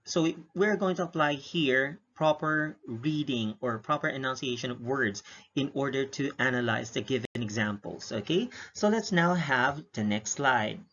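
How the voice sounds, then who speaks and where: A man's voice: mid-range voice, lively intonation, normal speed, a bit bright. A man giving a recorded English lesson, explaining steadily and checking in with frequent "okay?"s. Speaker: English teacher. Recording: dull lo-fi recording.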